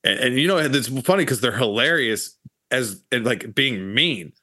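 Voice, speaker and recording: A man hosting a casual podcast, reflecting on his time as a Marine in a relaxed, profane way. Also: medium pitch, moderate pace, no room sound, clean studio sound. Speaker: podcast host, Marine veteran.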